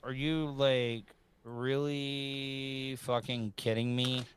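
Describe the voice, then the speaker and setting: A man hosting a podcast interview, speaking in a halting, awkward way with many fillers. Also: medium pitch, fairly even intonation, a little hiss or hum. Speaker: podcast host. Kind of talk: hesitant interview talk.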